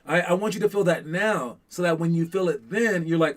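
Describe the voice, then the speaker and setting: A slightly higher-voiced man coaching a youth team. He talks loosely, full of fillers and restarts, and jumps into animated acted quotes. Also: fast talker. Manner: acts out quotes with sudden hype. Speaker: basketball coach.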